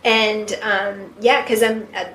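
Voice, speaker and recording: A woman's voice: mid-range voice, fairly even intonation, takes it slowly, fairly bright tone, roomy sound, a little hiss or hum, rough recording. A woman guest on a podcast, talking casually with lots of fillers about her classes and mentors. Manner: chatty, many fillers, laughs often. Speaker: guest medium.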